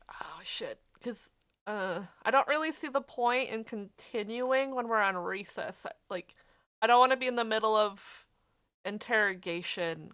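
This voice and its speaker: Bright-voiced woman streamer chatting. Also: mid-range voice, smooth. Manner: chatty, swears freely, talks to chat. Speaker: game streamer. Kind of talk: casual live-stream chat.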